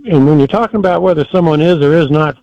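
An older man giving political commentary as a guest in a measured, folksy, deliberate way. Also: on the high side, mellow, no echo, highs cut off.

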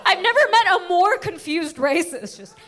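Brash, high-voiced stand-up comedian woman. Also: animated, normal speed, fairly bright tone. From United States. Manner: brash, punchy, laughs through her lines.

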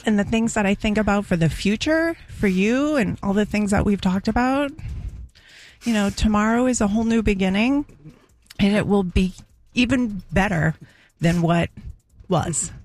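A woman radio colleague giving a soft, emotional tribute on air. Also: medium pitch, moderate pace. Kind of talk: heartfelt tribute on live radio.

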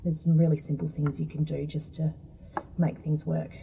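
A woman's voice: deep voice, little pitch movement, moderate pace, vocal fry, mellow, recorded from a distance, soft background music, poor audio. A woman, chatting casually as a guest and explaining food science with lots of fillers. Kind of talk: casual interview talk.

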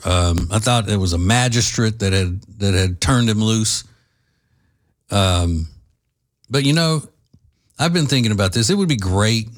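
A low-pitched man hosts a solo commentary show and lays out his opinions at length. He talks in halting runs full of fillers and restarts, and slips in dry sarcasm now and then. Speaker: host.

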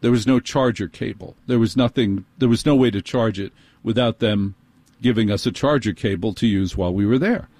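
A middle-aged man telling an exasperated comic story in a fast, animated monologue. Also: fairly low pitch, dry recording.

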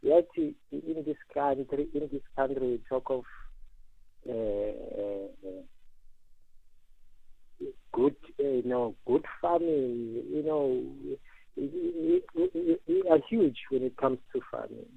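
A man calling in to a radio show, speaking earnestly with many halting restarts. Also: medium pitch, big pitch swings, creaky, husky, no room sound. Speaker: caller. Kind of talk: phone-in call. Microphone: phone. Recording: tinny phone line.

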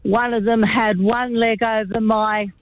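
A woman's voice: on the high side, level tone, a little slow, dry recording. An older woman calls in to a radio show and tells a long story in a rambling, chatty way, with many asides. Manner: rambling, chatty, lots of "you know". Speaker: caller. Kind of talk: phone-in storytelling. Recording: tinny phone line.

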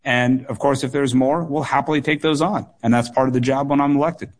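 A man's voice: medium pitch, steady tone, brisk. A man in his thirties, a political candidate answering questions on a radio call-in show, earnest and repeating words for emphasis. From United States.

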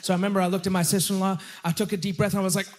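A man's voice: sits high, flat delivery. A young man performing a stand-up comedy set, telling self-deprecating stories in a chatty, conversational way. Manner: self-deprecating, conversational storytelling with quick asides. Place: comedy stage before a laughing audience.

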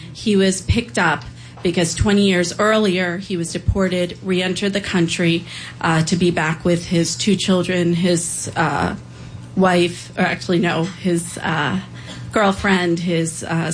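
A woman telling a serious personal story on stage, earnest and a little halting. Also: on the low side, slight background noise, low-quality recording. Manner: earnest, a bit halting with fillers.

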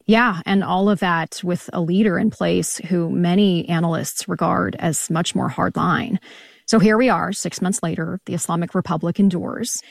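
Calm female radio correspondent. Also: fairly low pitch, normal speed, vocal fry, dry recording, clean studio sound. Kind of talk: news interview.

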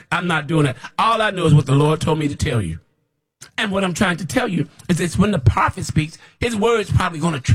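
A man's voice: high voice, a bit bright, breathy edge. A man who calls himself a prophet, preaching in a blunt, scolding and rambling way, often repeating himself. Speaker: self-described prophet. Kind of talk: preaching to camera.

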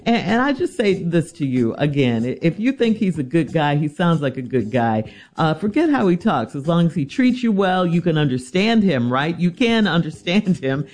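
A woman's voice: sits low, very animated, moderate pace, few pauses, darkish tone. A woman hosting a radio advice show, reading a listener's letter and giving blunt, teasing advice.

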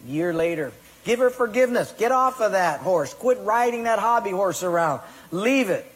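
A man's voice: high voice, expressive, normal speed, hardly any pauses, breathy edge. A pastor preaching a sermon with emphatic delivery, now and then acting out his listeners' excuses. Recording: voice in a large reverberant hall.

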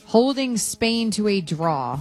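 A woman hosts a sports radio show with a playful, teasing manner. Her voice sits at a middle pitch, and she talks casually into a studio microphone, laughing often. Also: big pitch swings, slow pace, a little mellow, soft background music.

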